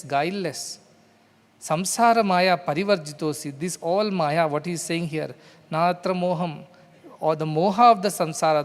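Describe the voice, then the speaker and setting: A man from India, a spiritual teacher, giving an explanatory discourse and acting out what a child says. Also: high voice. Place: large hall. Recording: hall reverb.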